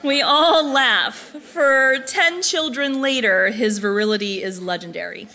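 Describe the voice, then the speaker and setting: A woman reading her own personal essay aloud in a reflective, measured way. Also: fairly high pitch, pushed and bright. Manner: reflective, measured, with brief slips and restarts. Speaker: narrator.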